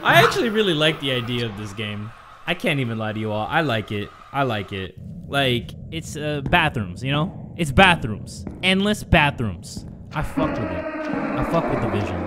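A young man playing a horror game on video. He narrates it with comic panic, swears a lot and yells when scared. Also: a little high, heavy background noise. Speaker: gaming YouTuber. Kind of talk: let's play commentary.

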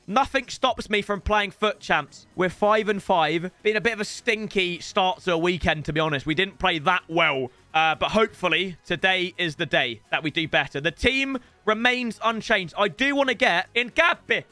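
A young man streaming a football video game, chatting to the lads in cheeky banter and breaking into loud outbursts. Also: sits high, normal speed, few pauses, no room sound, soft background music. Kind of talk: gaming stream commentary. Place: home room with builders' noise outside. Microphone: headset.

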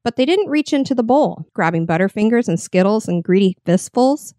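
A woman reading a horror story with measured, expressive narration. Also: mid-range voice, dry recording, studio quality. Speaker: story reader.

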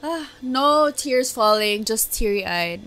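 A woman's voice: a little high, animated, slow pace, fairly bright tone. A young woman hosting an anime reaction video, chatty and emotional, with lots of laughter and fillers. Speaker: anime reaction channel host. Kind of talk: casual reaction commentary. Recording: faint music behind.

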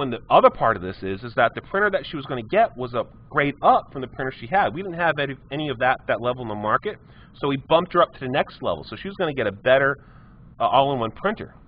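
A man, a technology teacher giving a live classroom lecture with chatty storytelling asides to his students. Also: mid-range voice. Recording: muffled lo-fi classroom stream.

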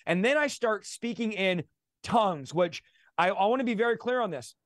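A man's voice: sits high, lively intonation, normal speed, a bit bright, no room sound, clean studio sound. A man earnestly telling a personal conversion story as an interview guest, repeating key phrases for emphasis.

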